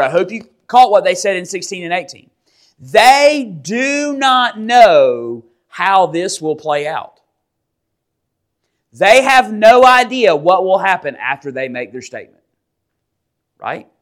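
A man preaching a sermon, asking his listeners questions and acting out the people in the story. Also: high-pitched. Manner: animated, acts out quotes, asks the audience questions. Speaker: pastor.

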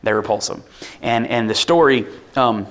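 A man preaching a sermon, telling a story with rising energy and bursts of shouting. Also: medium pitch, normal speed. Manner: animated storytelling, builds to shouts.

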